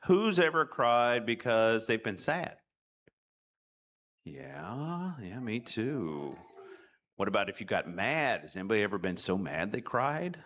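A man leading a children's message in church, telling a story to kids in a lively, playful way. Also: fairly low pitch, a little slow. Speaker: children's director.

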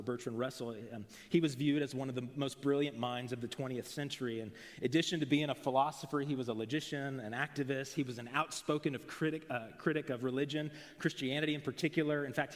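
Earnest preacher in a reverberant hall. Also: male voice, medium pitch. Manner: earnest preaching with rising emphatic phrases. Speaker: pastor. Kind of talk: sermon. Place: church sanctuary. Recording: long reverb of a large hall.

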